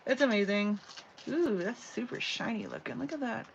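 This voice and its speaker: A woman with a fairly high voice chats through a live craft tutorial, rambling along with plenty of "you know" and "like". The audio is a bit dull, with a faint hum underneath. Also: animated, normal speed, creaky. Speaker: craft channel host.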